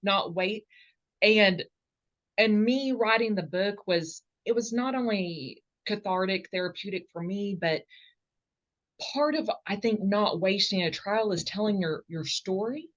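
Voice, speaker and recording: A woman's voice: mid-range voice, unhurried, muffled recording. A woman with a Southern accent speaking earnestly as a podcast guest, often stopping and restarting her phrases. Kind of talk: casual interview answers.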